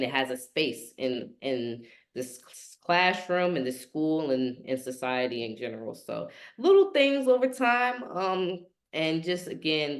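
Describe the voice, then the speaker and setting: A young adult woman, a high school teacher, talking in a relaxed, easygoing way as a podcast guest and laughing often. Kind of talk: casual podcast interview.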